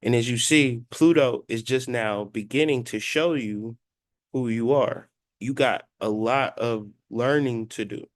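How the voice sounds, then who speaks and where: Speaking at a measured pace in a medium-pitched voice, a thirtysomething spiritual astrology commentator gives a blunt, profanity-laced lecture. He preaches in monologue form, occasionally voicing the people he quotes, and the sound is dry and clean, like a studio.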